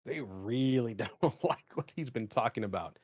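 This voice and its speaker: A man's voice: mid-range voice, animated, moderate pace, darkish tone, no room sound. A man co-hosts a casual gaming podcast. He tells stories loosely, with plenty of fillers and some swearing. The recording is dry and close. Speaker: podcast co-host. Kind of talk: casual chat.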